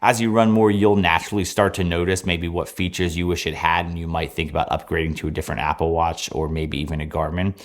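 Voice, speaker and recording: A man talking through a scripted review of running watches, measured and plain-spoken. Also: deep voice, little pitch movement.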